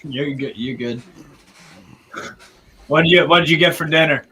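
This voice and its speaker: A man with a bright, forceful voice, talking fairly high, calls a football match live for his stream. His play-by-play is excitable and chatty, broken up by easy banter with a friend. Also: moderate pace, poor audio. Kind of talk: casual live watch-along commentary.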